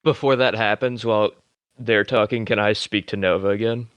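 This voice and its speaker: Low-voiced stammering man playing a tabletop game. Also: fairly even intonation, normal speed, a bit bright, clean tone, dry recording, highs cut off. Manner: hesitant, stammering in character. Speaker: player. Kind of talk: tabletop role-play.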